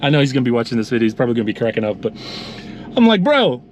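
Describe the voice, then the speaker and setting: A man's voice: mid-range voice, fairly even intonation, racing, a little mellow, a little hiss or hum. A man who runs a lawn care business, casually telling a story and acting out both sides of a phone call. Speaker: lawn care business owner and channel host.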